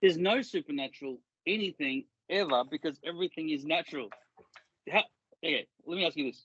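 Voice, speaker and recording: A man's voice: on the high side, a little fast, pushed and bright, breathy edge. A man co-hosting a casual podcast, rambling and swearing often while laughing easily. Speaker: podcast co-host. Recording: dry, dull lo-fi sound.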